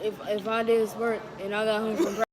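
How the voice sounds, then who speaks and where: A woman's voice: mid-range voice, level tone, fast, background noise. A teenage girl chatting casually and joking with her friends while eating. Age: teens. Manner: joking, laughs often. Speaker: vlogger.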